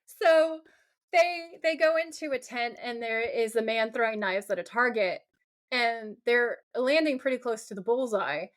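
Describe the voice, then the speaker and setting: Brief: lively podcast co-host, woman, highish voice, laughs a lot while recapping. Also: a little slow. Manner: animated, laughs often. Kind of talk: casual chat recapping a TV episode.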